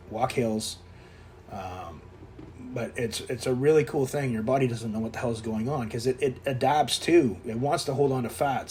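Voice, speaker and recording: A man's voice: medium pitch, a little hiss or hum. A man in his fifties with a Canadian accent, a fitness vlogger talking over his workout footage in a blunt, coaching way with plenty of swearing. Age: 50s. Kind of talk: casual voice-over vlog.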